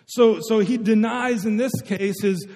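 Brief: male pastor, high voice, chatty sermon delivery, echoing sanctuary. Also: fairly even intonation, a little slow, mellow. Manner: conversational, asks the congregation questions. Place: church sanctuary. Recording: long hall reverb.

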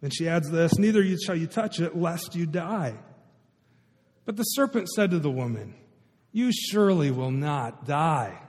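Brief: male pastor, high voice, chatty sermon delivery, echoing sanctuary. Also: animated, moderate pace, darkish tone, husky. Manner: conversational, asks the congregation questions. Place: church sanctuary. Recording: long hall reverb.

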